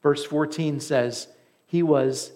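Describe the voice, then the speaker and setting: Pastor guy giving a sermon, kinda high voice, earnest and chatty. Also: fairly even intonation, slow, dark tone. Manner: earnest, conversational preaching with emphatic repetition.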